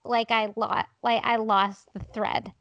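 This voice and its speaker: A woman's voice: fairly high pitch, flat delivery, a little slow, fairly bright tone, dull audio. A woman co-hosting a podcast, telling a story in casual chat with frequent laughs. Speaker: podcast co-host.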